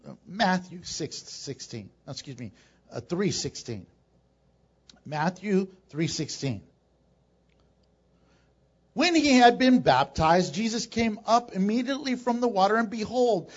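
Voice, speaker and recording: A male pastor preaching a sermon in a church, animated and joking with laughing asides. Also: high voice, muffled recording.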